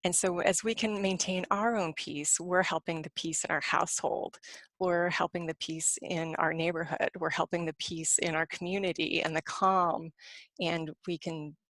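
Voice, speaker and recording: A middle-aged woman counselor speaking at home in a lowish voice. She talks fast and rambles, with plenty of ums and restarts, in a relaxed webinar style. The sound is close and dry, with no room echo. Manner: fast, rambling conversational delivery with fillers. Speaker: clinical social worker and spiritual counselor. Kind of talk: live webinar talk.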